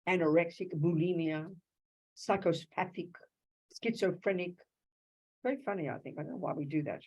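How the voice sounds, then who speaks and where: An Australian woman teaching Buddhism to a live audience in a lively, conversational way, often asking rhetorical questions. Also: on the low side, moderate pace, rough recording. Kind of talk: dharma talk to a live audience.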